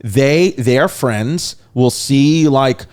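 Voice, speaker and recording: A man's voice: medium pitch, very slow, clear, resonant tone. Rambling comedian man telling a story. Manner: rambling, repeats "I was like", animated retelling. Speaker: podcast guest, comedian. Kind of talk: casual storytelling.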